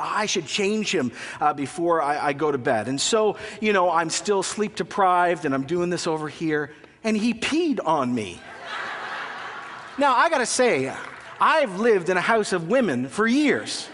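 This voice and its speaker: A man in his thirties preaching a sermon as a pastor, telling a family story with animated, self-mocking humor. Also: high-pitched, a little slow. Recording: long hall reverb.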